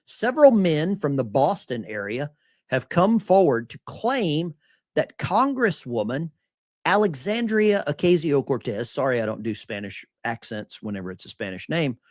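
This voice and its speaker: A man's voice: medium pitch, no echo, clean studio sound. A man hosting a live stream, giving mocking commentary on the news and talking straight to his chat.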